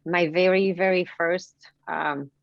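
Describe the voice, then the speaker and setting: A woman from Canada, a guest on a podcast, telling stories in an animated way and often repeating words. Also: lowish voice, slow pace, creaky, no room sound. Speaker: podcast guest, confidence coach. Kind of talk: casual interview storytelling. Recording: dry, dull lo-fi sound.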